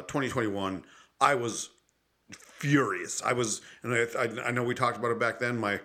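A man's voice: mid-range voice, pushed and bright. A man co-hosting a podcast, talking politics in a heated, profane rant. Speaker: podcast co-host. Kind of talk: casual political chat.

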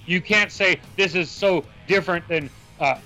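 Casting: male co-host, slightly high, bright voice, laid-back but defensive fan. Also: moderate pace, soft background music. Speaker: music podcast co-host. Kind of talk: casual profane chat.

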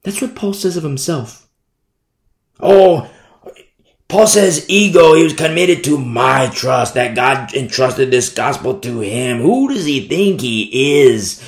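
A pastor with a mid-range voice preaches in an animated, unhurried way, the sound reverberating around him. It's an expository, verse-by-verse Bible study sermon full of repeated phrases and rhetorical questions.

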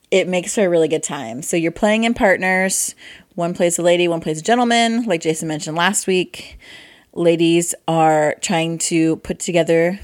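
A woman co-hosting a casual board game podcast, chatty and quick to laugh. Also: on the low side. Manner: chatty, laughs easily, acts out voices in asides. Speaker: podcast co-host.

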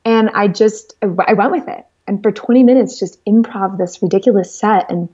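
A woman speaking as an interview guest, telling stories in a lively, rambling way with lots of fillers. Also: mid-range voice, brisk, husky, highs cut off. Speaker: guest entrepreneur. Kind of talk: casual storytelling interview.

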